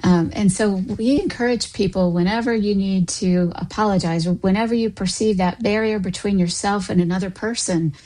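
A woman's voice: medium pitch, normal speed, hardly any pauses, dark tone, poor audio. A woman, a counselor and coach, giving a thoughtful explanation in an interview. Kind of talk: interview answer.

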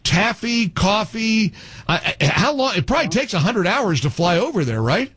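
Wry, animated male talk radio host. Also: sits high, fairly quick, slightly rough. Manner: wry, self-mocking, exasperated.

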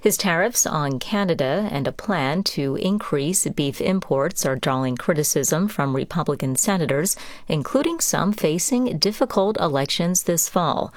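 Female newscaster, low register, formal read, dry studio sound. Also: expressive, dry recording. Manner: measured formal news delivery. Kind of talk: scripted newscast.

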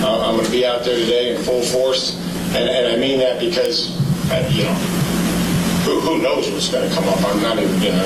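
A man's voice: mid-range voice, reverberant, recorded from a distance, heavy background noise. A man, a football coach, giving a hesitant, evasive answer at a press conference.

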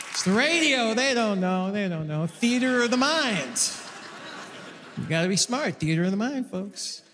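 A man doing stand-up on a large concert hall stage, loud and hyped as he works the crowd. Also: high-pitched, sing-song, normal speed, noisy background. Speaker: stand-up comedian. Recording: live hall, distant mic, crowd.

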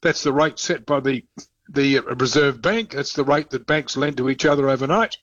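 A man reporting as a radio correspondent, blunt and colloquial, halting with fillers. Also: mid-range voice, steady tone, no echo, highs cut off. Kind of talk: live radio phone report.

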